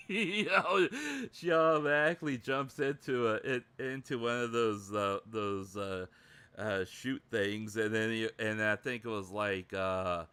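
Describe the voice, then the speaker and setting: A man chatting casually on a livestream, halting and laughing often. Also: fairly low pitch, sharp tone, smooth. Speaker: streamer.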